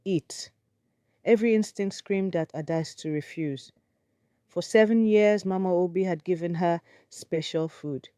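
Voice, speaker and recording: A woman's voice: fairly low pitch, moderate pace, mellow, clear, resonant tone, dry recording, clean studio sound. A woman storyteller narrating a dramatic folktale with suspense.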